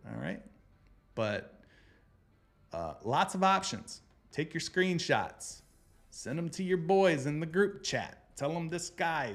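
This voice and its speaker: A man's voice: mid-range voice, vocal fry, fairly bright tone. A man hosting a casual sports betting show, joking loosely with viewers and calling them brother as he runs through his picks.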